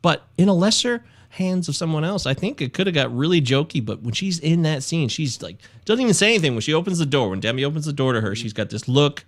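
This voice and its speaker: A man's voice: a little high, expressive, quick pace, few pauses. A man hosting a film podcast, giving opinionated, jokey takes in casual chat. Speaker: podcast co-host.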